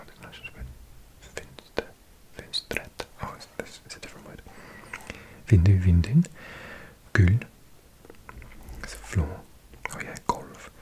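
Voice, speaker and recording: A man hosting his channel in a whispered ASMR style, musing to himself and repeating practice words aloud. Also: sits low. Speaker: channel host.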